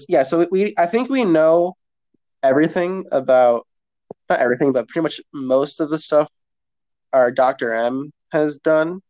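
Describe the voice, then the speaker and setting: A man's voice: a little high, a little mellow. A man chatting casually about a TV show, loose and profane, rambling with fillers. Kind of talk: casual chat.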